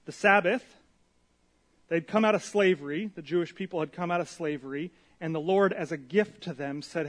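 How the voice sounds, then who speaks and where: A male pastor with a somewhat high voice delivers a sermon in a lively, storytelling manner. He acts out the people in his stories as he goes. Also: moderate pace. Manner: animated storytelling, acting out quotes.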